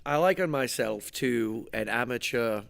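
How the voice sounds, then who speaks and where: A man co-hosting a casual chat, talking in a dry, halting way with stiff, mock-formal wording. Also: medium pitch, animated, gravelly, a bit bright, smooth. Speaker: podcast co-host.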